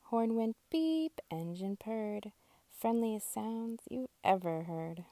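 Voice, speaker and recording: Slow gravelly woman reading a storybook. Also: a little high, no echo. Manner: slow, expressive, sing-song reading. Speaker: parent reading to children. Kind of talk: storybook read-aloud.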